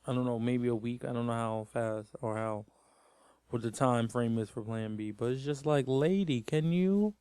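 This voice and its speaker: A man's voice: mid-range voice, moderate pace, warm tone, smooth, no room sound, clean studio sound. A man giving a casual, rambling TV episode recap as host, sounding exasperated throughout.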